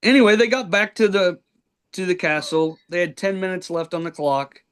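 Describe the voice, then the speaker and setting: Chatty podcast host man, slightly high. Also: moderate pace, a little hiss or hum. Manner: rambling play-by-play recap with many ums and likes. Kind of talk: casual recap chat.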